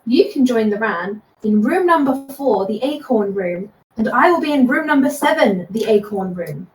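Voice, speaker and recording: A woman player, teasing and bossy, sits away from the mic in an echoey room. Her voice is slightly high, and faint noise hums behind her. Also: animated, moderate pace, recorded from a distance. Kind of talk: casual tabletop role-play.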